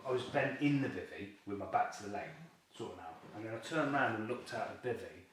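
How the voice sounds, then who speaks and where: A man's voice: fairly low pitch, quick pace, far from the mic. Man, echoey and off-mic. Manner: lively, chatty, laughs often while telling the tale. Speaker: carp angler, fishing team member. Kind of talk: casual storytelling in an interview. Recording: very echoey room, voice off-mic with faint noise.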